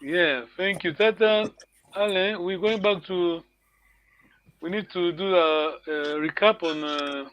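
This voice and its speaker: A man's voice: high-pitched, takes it slowly, a bit bright, smooth, low-quality recording. A male language teacher giving an online lesson over a video call, patient and encouraging, often repeating words.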